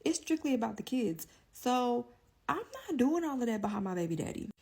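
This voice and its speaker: Woman with a gravelly voice telling a rambling story. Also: a little high, very animated, brisk, dark tone. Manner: rambling, candid and profane, with constant "like" fillers. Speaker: storyteller vlogger. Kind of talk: casual storytime monologue.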